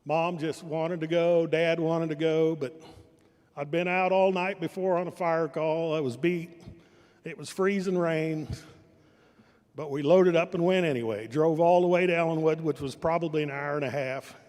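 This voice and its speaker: A man's voice: a little high, steady tone, moderate pace, a little mellow. Older man telling dry family stories in a hall. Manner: dry storytelling with self-corrections. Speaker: family member giving a speech. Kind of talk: humorous anecdotal speech. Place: event hall. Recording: reverberant hall.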